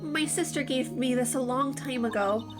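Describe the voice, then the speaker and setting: A woman's voice: high voice, moderate pace, close to an everyday voice. A woman doing Maya Fey, a timid young medium. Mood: pleading. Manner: soft, hesitant, apologetic. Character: young female spirit medium, timid and polite. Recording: game music playing behind.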